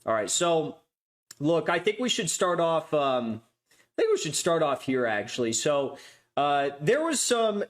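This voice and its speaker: A man with a voice a little higher than most men's hosts his own podcast. He talks off the cuff, wandering into asides and restarting his sentences as he goes. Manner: chatty, loose, many asides and restarts. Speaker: podcast host. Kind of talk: casual rambling monologue.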